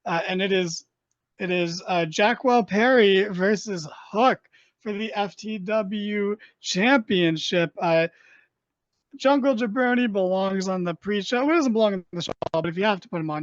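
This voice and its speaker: Podcast host, high-pitched man, jokey and rambling, dry slightly muffled mic. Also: moderate pace, no echo. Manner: joking, rambling with many fillers. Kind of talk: casual wrestling podcast chat.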